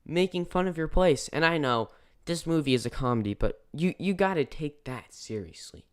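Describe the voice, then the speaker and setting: A man's voice: medium pitch, smooth, no room sound, studio quality. A man giving a casual, rambling movie review, often restarting and correcting himself. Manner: rambling, self-correcting, lots of fillers.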